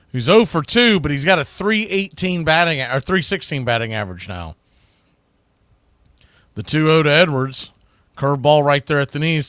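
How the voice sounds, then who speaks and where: A man's voice: fairly high pitch, pushed and bright, no room sound, clean studio sound. A man calling live baseball play-by-play who often corrects himself mid-sentence.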